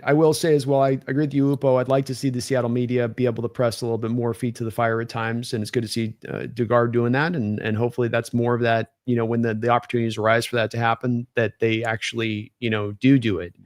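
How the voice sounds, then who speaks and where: A man's voice: medium pitch, level tone, fast, few pauses, no room sound, clean studio sound. A man co-hosting a casual sports talk stream, opinionated and rambling with restarts. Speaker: podcast co-host.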